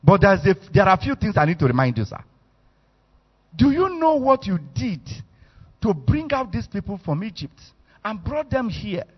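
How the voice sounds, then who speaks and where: A man's voice: sits high, big pitch swings, normal speed, slightly rough, heavily acted. A man with a Nigerian accent voicing an older male prophet who pleads earnestly and respectfully. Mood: pleading. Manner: earnest, reasoning, deferential. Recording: echoey hall, muffled sound.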